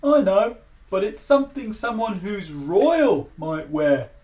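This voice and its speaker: A woman voicing a deadpan cow puppet. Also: medium pitch, takes it slowly, far from the mic. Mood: dry. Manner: deadpan, matter-of-fact quips. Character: cow puppet, young male, dry and easily bored. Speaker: puppet sidekick.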